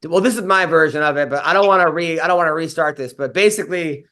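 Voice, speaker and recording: A man's voice: fairly high pitch, fast talker, pushed and bright. A man, a comedian and podcast host, telling a rambling story in casual chat, full of fillers and swearing.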